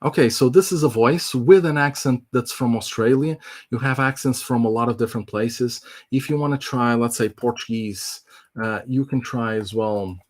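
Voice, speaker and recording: A man presents a live online software demo. He explains loosely, with lots of fillers and restarts. His voice sits at an ordinary middle pitch. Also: normal speed. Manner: casual, filler-heavy explaining. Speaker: tech presenter.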